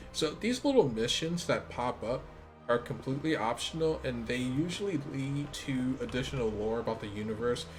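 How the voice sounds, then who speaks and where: An American man giving casual commentary on his own gameplay, chatty and full of ums. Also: medium pitch. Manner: chatty, many ums, laughs easily. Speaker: let's play gamer. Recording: game music playing behind.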